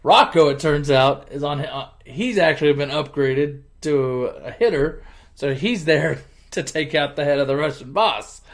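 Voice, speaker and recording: A man hosting his channel, casually retelling a movie plot in an animated, chuckling, conversational way. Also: a little high, measured pace. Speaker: channel host.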